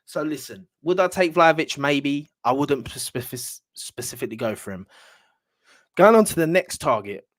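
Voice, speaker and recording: A man's voice: fairly high pitch, normal speed, dry recording. Blunt young man talking football. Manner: rambling, blunt, animated with slang and swearing. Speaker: football fan channel host. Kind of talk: casual football opinion talk to camera.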